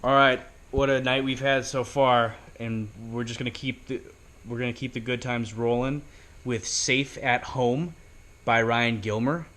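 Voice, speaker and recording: Man hosting live stream, upbeat emcee, medium pitch. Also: fairly even intonation, measured pace, fairly bright tone. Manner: upbeat, introduces acts. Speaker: host of a live short film contest.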